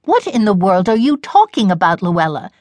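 A woman voicing an impatient, snobbish middle-aged mother who speaks in a brisk, disparaging way. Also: mid-range voice, expressive, dry recording, natural voice.

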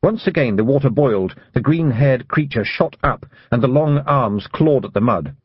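Husky, lively male audiobook narrator. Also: medium pitch, normal speed, dry recording, lo-fi sound. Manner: lively, expressive reading. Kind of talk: scripted storybook narration.

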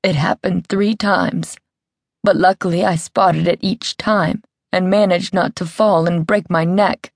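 A woman's voice: fairly low pitch, steady tone, a little slow, no room sound, studio quality. A woman voicing a self-pitying, histrionic woman who whimpers and sounds aggrieved, in an audiobook. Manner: aggrieved, histrionic, soft distressed tone.

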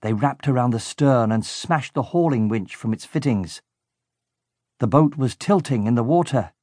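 A man narrating a children's audiobook in a lively, expressive way. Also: medium pitch, normal speed, no room sound, studio quality.

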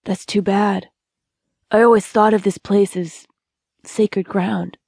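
An easygoing young snowboarder guy with a relaxed, friendly drawl, as a woman narrating an audiobook puts him on. The voice is mid-pitched and sits in a dry, close studio with no room sound. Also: takes it slowly, creaky, husky, no echo, exaggerated voice. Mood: wistful.

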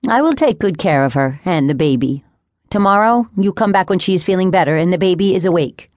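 A woman voicing a calm young sister-in-law who speaks mildly in plain, careful phrasing. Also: fairly low pitch, brisk, no room sound, pitched above the performer's own voice, lightly acted. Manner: mild, simple formal phrasing.

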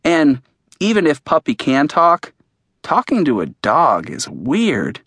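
A man's voice: fairly high pitch, wildly swooping pitch, slow pace, fairly bright tone, breathy edge, no echo. A man narrating an audiobook in the first person, in a plain, earnest storytelling manner.

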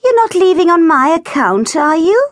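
A tipsy, gushing young bride-to-be who squeals and swoops through her words, as a woman narrator puts her on. The reading is close and dry, with a lively pitch. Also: normal speed, no room sound. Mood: giddy drunk. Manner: giddy and loud, slurring slightly.

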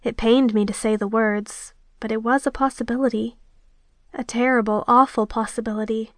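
A woman narrates a first-person romance audiobook steadily and intimately at a moderate pace. Her fairly high voice is close-miked and dry, with no room sound at all.

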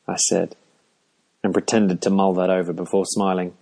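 A man narrating a first-person audiobook in a measured, dry way. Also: sits low, little pitch movement, creaky, mellow.

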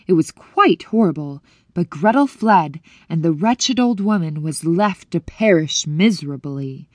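A woman narrating an audiobook in clear, measured storytelling that lifts at moments of wonder. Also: lowish voice, expressive, no echo. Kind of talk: scripted narration.

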